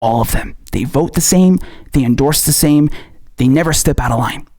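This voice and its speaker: A man's voice: on the high side, moderate pace, a little mellow. A male political commentator ranting angrily, swearing often and firing off rhetorical questions. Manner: angry, profane, hammering rhetorical questions.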